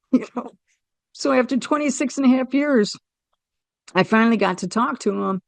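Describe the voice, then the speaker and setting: Gravelly-voiced woman telling a heartfelt story. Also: mid-range voice, no echo. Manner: earnest, animated storytelling with quoted dialogue and soft laughs; vivid, emotional retelling of a family loss. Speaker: guest sharing a near-death experience. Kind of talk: personal storytelling interview.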